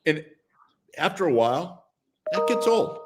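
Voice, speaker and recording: A man's voice: on the high side, sing-song, a little slow, very noisy. A man in his sixties, a former football player, telling stories and giving blunt opinions as a guest in casual sports talk, chuckling often.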